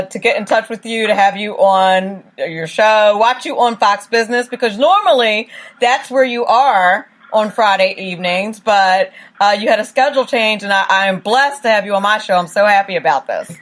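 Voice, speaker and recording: A woman's voice: medium pitch, moderate pace. A woman hosting her own online show, chatting casually, laughing often and saying "right" a lot. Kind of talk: casual interview chat.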